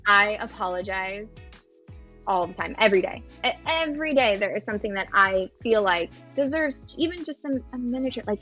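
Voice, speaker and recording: A woman's voice: medium pitch, expressive, brisk, bright, forceful tone, soft background music. A woman in her thirties, a mother talking on a podcast in a thoughtful way with many fillers and restarts. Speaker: podcast guest. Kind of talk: casual podcast chat.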